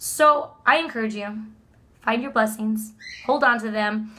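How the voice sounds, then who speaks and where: A woman in her thirties giving an earnest, upbeat motivational vlog talk, peppered with "like" and quick laughs. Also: on the high side, fairly bright tone. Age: 30s. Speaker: vlogger.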